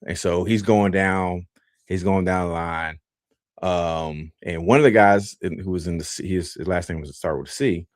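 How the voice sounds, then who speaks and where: A man's voice: normal speed, dry recording, clean studio sound. A man telling a story casually on a podcast, often restarting and repeating himself, and acting out quoted lines with big jumps in his voice. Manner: animated, acts out quotes with big pitch jumps. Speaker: podcast host.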